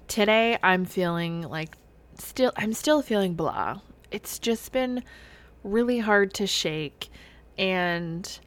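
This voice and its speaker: A woman's voice: fairly low pitch, fairly bright tone. A woman in her thirties hosting a solo podcast, talking candidly and chattily with many fillers. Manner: candid, chatty, heavy use of "like". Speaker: podcast host. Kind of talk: solo podcast confessional chat.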